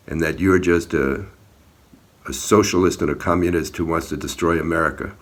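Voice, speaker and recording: A man's voice: deep voice, a bit bright. A man giving an earnest personal account in a video, talking about an encounter outdoors, speaking plainly and sometimes heatedly. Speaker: activist recounting an encounter.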